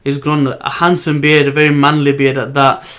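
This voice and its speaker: A man's voice: on the high side, monotone, normal speed, fairly bright tone. A man hosting a casual solo comic review, rambling with many ums and restarts. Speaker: manga reviewer host.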